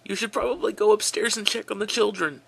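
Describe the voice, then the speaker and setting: A man voicing a hoarse, upset young man who sounds close to crying. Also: high-pitched, steady tone, quick pace, a bit bright, voice pushed up, exaggerated voice, poor audio. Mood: eerie. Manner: eerie, repetitive, upset.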